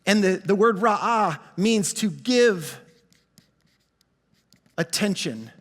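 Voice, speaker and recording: A man preaching a sermon, emphatic and full of repetitions, slowing right down to stress key phrases and sometimes calling out to the congregation. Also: sits high, expressive, fairly bright tone, big-room sound. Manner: emphatic, repeats words, slows down on key phrases. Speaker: pastor.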